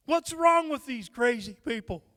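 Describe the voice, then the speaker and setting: A high-pitched Midwestern American man preaching at a Bible study, his voice smooth and resonant. He unhurriedly reads scripture and breaks in with joking asides. The sound carries the long reverb of a church sanctuary. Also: fairly bright tone. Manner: humorous asides and laughs. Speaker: pastor. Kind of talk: sermon-style Bible study teaching.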